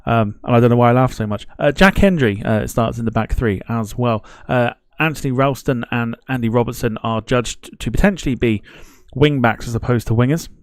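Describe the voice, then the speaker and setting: A man's voice: medium pitch, steady tone, fairly quick, hardly any pauses, no echo, studio quality. A man hosting a live football watchalong stream, chatting casually, greeting viewers in the chat and laughing at himself as he rambles.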